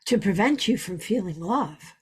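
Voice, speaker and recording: A woman's voice: medium pitch, expressive, moderate pace, slightly rough. A woman spiritual teacher giving an earnest, repetitive teaching talk, weaving in personal stories.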